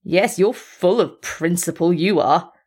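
A woman's voice: mid-range voice, a little slow, a little mellow, natural voice. Woman voicing a sneering alley tomcat. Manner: sneering, teasing. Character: coarse scruffy male alley cat, scornful.

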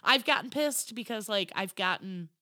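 Casual chatty woman host, bright animated voice, dry mic, laughs thru her stories. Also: medium pitch, moderate pace, dry recording. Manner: chatty, laughs often, fillers like "you know". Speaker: podcast co-host. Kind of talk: casual chat, storytelling.

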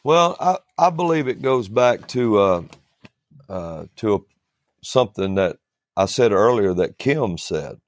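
A man who preaches, telling stories in a relaxed chat, often restarting his sentences and chuckling as he goes. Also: fairly low pitch, measured pace, dry recording. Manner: rambling, starts over often, chuckles through stories. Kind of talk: storytelling in a casual panel chat.

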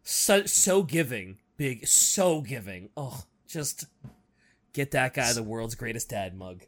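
A man co-hosting a casual podcast, reacting with loud exclamations and frequent laughter. His pitch swings widely and he leans into dry sarcasm. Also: lively intonation, slow pace. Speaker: podcast co-host. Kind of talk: casual chat.

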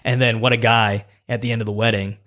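A man's voice: on the low side, level tone, fast talker, fairly bright tone. A man hosting a podcast, telling stories casually and punching them up with short repeated phrases, in a small home gym room. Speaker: podcast host. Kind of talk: casual chat.

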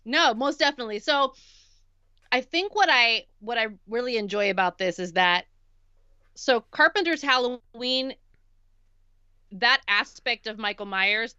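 A woman co-hosting a podcast, giving a measured, thoughtful take on a horror film. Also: mid-range voice, sharp tone, clear, resonant tone, no room sound, lo-fi sound. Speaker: podcast co-host. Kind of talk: casual film discussion.

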